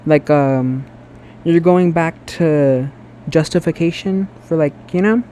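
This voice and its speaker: Chatty, sassy male vlogger, a bit high and mellow, earnest ramble, phone mic in a bathroom. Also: slow, a little hiss or hum. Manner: chatty and sassy, lots of "girl" and "like"; emotional and earnest, self-described sensitive. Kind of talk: casual rambling monologue to camera. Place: bathroom at home. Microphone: phone camera.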